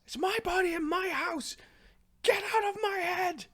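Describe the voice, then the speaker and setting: A man voicing a furious woman trapped inside someone else's body, yelling frantically and shrilly. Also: very high-pitched, very animated, a little slow, voice pushed up, full character voice. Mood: panicked fury.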